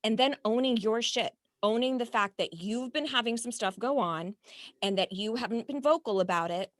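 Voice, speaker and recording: A woman's voice: fairly high pitch, normal speed, dry recording. Earnest woman coaching, dry close sound. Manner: earnest, explains with acted-out example dialogue. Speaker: podcast guest, life coach and hypnotherapist. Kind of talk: conversational podcast interview.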